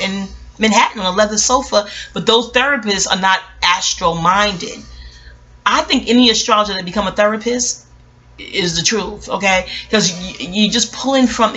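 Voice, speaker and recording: A woman speaking off the cuff in a casual reflective monologue, her voice bright and forward. She wanders through digressions and doubles back to her point. She speaks bluntly and swears freely. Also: medium pitch. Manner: rambling, digressive, blunt with profanity. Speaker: astrologer.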